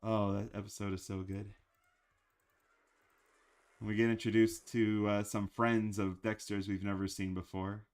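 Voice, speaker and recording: A man's voice: fairly low pitch, level tone, a little slow, pauses often, a little mellow. A man talking casually about cartoons in a rambling, chatty way with frequent fillers. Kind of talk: casual chat.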